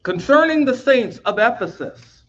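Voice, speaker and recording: A man's voice: extremely high pitch, very animated, measured pace. Man teaching scripture, lo-fi sound. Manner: conversational, repeats words, checks in with "right?". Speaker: Bible teacher. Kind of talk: recorded Bible lesson.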